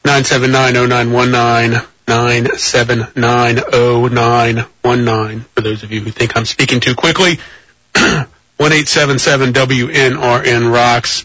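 A man's voice: medium pitch, normal speed, pushed and bright, dry recording. A man hosting a call-in radio show, rambling with wry asides, on a dull lo-fi broadcast. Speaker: radio host.

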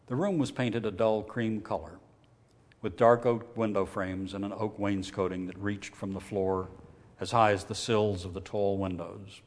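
A man reading a novel aloud in a measured, steady way, lifting his voice when characters shout. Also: deep voice, big-room sound. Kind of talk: audiobook reading.

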